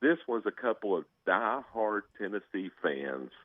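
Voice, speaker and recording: A man calling in to a sports show, telling stories in a chatty, animated way over a phone line. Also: lowish voice, measured pace, dry recording. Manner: storytelling, animated, laughing. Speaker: caller, fan. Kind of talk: casual chat.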